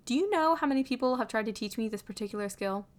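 A woman's voice: mid-range voice, steady tone, moderate pace, a little mellow, natural voice. A woman voicing an earnest young man who bursts into emphatic exasperation, read from a fan story. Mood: exasperated. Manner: emphatic, rising to exasperated outbursts.

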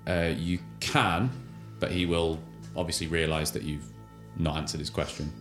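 A man runs a tabletop game in a relaxed, halting manner, filling gaps as he thinks. His voice sits very low. Background music plays steadily under the talk. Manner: relaxed, hesitant, many fillers. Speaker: game master. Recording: music playing behind.

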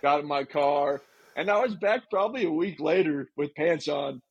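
A man's voice: on the high side, normal speed, gravelly, husky, no echo, dull audio. A man co-hosting a podcast, telling stories in a laid-back, chatty way. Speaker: podcast co-host. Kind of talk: casual chat.

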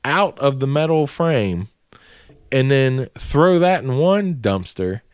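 A man's voice: mid-range voice, animated, slow pace, a little mellow, clean tone, dry recording, studio quality. A man telling a story in casual podcast chat, swearing and acting out the people in it.

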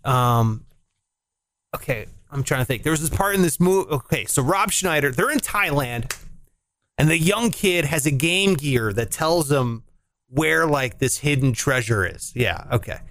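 Animated, rambling man telling stories. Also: a little high, a little slow. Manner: rambling, animated storytelling with swearing and impressions. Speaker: podcast co-host. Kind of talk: casual chat.

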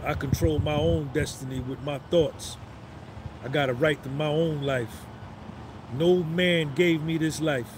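A man's voice: a little high, steady tone, measured pace, background noise. A man in his fifties giving a boastful motivational monologue on a live stream, swaggering and repeating his phrases for emphasis. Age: 50s.

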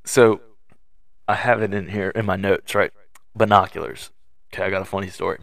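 A man's voice: low voice, fairly even intonation, brisk, gravelly, a bit bright, dry recording. Young man telling racing stories casually. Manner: storytelling, acting out quoted voices; loose, filler-heavy delivery. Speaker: podcast co-host. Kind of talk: casual chat.

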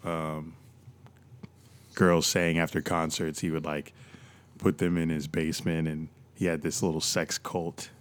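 Young man, very low voice, casual podcast chat, joking and profane. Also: flat delivery, a little slow. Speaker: podcast co-host.

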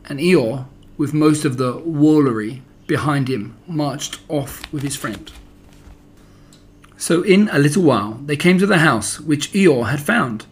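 A man reads a children's story aloud in a gentle, even way. His voice sits at a middle pitch with a husky, slightly breathy grain.

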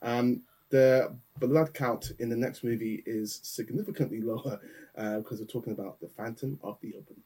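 A man's voice: medium pitch, steady tone, normal speed, mellow, husky. A man co-hosting a casual film review chat, earnest and full of "you know" asides. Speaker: podcast co-host.

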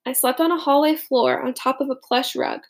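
A woman reading a first-person story aloud in a steady, plain manner. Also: sits high, normal speed, vocal fry. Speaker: audiobook narrator.

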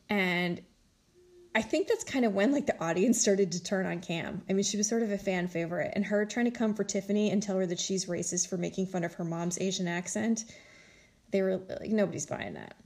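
A woman casually recapping a reality show, chatty and animated, acting out what people said in exaggerated voices. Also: medium pitch. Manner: animated storytelling, acts out quotes in exaggerated voices; chatty, heavy use of "like" and "you know". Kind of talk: casual chat.

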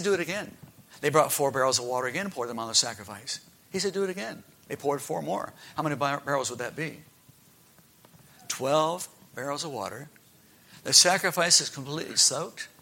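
A man preaching a Bible story to a family audience, animated and storytelling, asking the listeners questions. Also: medium pitch. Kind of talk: children's Bible story sermon.

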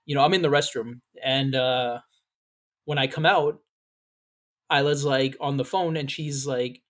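A man hosting a podcast, telling a story in casual chat, animated and swearing freely as he acts out what people said. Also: fairly high pitch, measured pace. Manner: animated, profane, acts out quoted lines. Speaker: podcast host.

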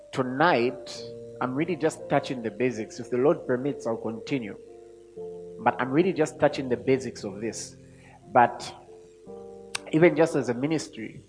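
A man preaching a sermon to a congregation, speaking emphatically and rising to loud peaks when he reads scripture. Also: medium pitch. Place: church hall. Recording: long hall reverb with faint music.

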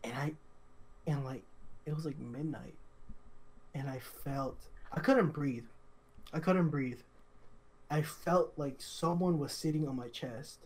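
Young man telling a story haltingly. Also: fairly high pitch, a little mellow. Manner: halting, repetitive, full of "like" and restarts. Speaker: podcast co-host. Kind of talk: casual storytelling chat.

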